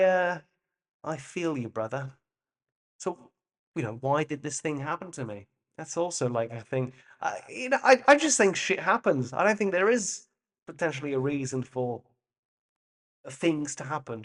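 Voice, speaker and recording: A man talking through a solo podcast in a musing, playful way, wandering into asides and dropping the odd swear word. His voice sits slightly high for a man. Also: very animated, normal speed, fairly bright tone. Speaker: podcast host. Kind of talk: reflective solo monologue.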